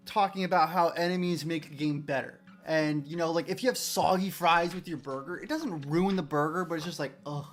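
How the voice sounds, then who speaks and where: Excitable rambling man on a livestream. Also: high-pitched. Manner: rambling, excitable, restarts often. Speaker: game developer streamer. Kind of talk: casual livestream chat.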